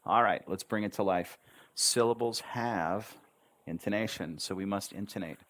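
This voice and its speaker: A man's voice: on the low side, normal speed, a bit bright. A man teaching English pronunciation on a livestream, repeating words syllable by syllable with encouraging asides. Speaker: English tutor.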